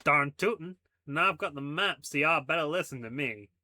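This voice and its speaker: A man's voice: fairly high pitch, expressive, normal speed, bright, forceful tone, no echo. A man doing a brash folksy boy. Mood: cocky. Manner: boastful, pushy folksy drawl.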